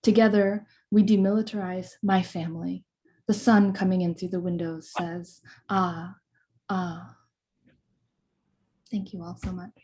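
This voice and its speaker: A woman poet reading her work aloud over a video call in a measured, rhythmic way, with soft hesitant asides between poems. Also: on the low side, level tone.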